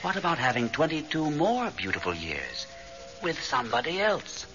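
A man's voice: on the high side, big pitch swings, normal speed, music in the background. An actor playing a sly, teasing male ghost in a radio drama, coaxing and drawing out his words. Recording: dull lo-fi radio recording.

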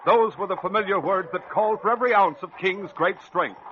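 A man's voice: high voice, brisk. A man narrating a radio drama in a vivid, driving storytelling voice. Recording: dull old radio recording with heavy hiss.

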